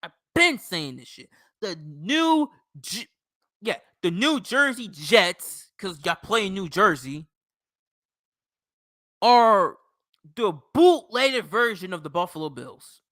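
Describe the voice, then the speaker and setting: A man's voice: high voice, big pitch swings, slow pace, bright, forceful tone, dry recording, clean studio sound. A man hosting sports talk, ranting heatedly with profane trash talk.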